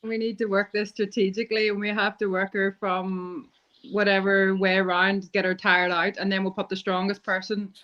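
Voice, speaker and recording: A woman's voice: medium pitch, flat delivery, moderate pace, a bit bright, lo-fi sound. A woman guest on a video call talking playfully about arm wrestling strategy. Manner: playful, scheming. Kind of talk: casual chat.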